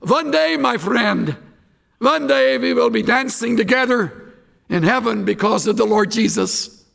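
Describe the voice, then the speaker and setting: Fervent elderly Dutch woman, put on by a male reader, thick accent, pitched high. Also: animated, unhurried, gravelly, fairly bright tone, full character voice. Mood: joyful.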